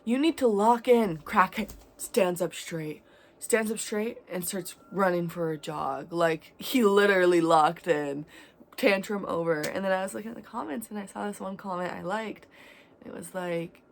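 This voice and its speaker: Candid young woman with a gravelly voice. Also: lowish voice, moderate pace. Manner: candid, rambling, switches between loud and quiet. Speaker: vlogger. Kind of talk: casual confessional vlog.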